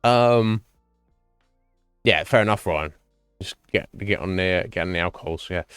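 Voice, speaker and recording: A man's voice: sits low, unhurried, a bit bright, smooth, no echo. A man streaming a game and chatting casually with his viewers, musing aloud with lots of fillers and restarts. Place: home streaming setup. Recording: dry close mic, faint game music behind.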